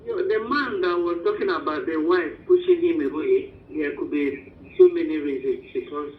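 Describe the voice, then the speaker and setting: A woman's voice: fairly low pitch, moderate pace, reverberant, far from the mic. Woman caller on a tinny phone line. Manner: animated storyteller, laughs while telling. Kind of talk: phone-in story.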